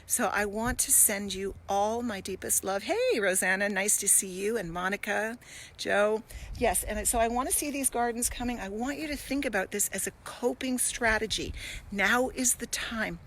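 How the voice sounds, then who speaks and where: A woman's voice: mid-range voice, normal speed, fairly bright tone, a little hiss or hum, poor audio. A middle-aged woman hosting a casual live stream from her garden, talking to viewers in a gushing, emotional, encouraging way. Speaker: wellness host.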